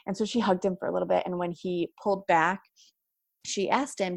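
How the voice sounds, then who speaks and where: A woman's voice: fairly low pitch, steady tone, fairly quick, vocal fry, dry recording, studio quality. A woman talking casually about parenting, chatty, often adding "like" and "right?". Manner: chatty, frequent "like" and "right?" fillers. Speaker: parenting educator guest. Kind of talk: casual conversational advice.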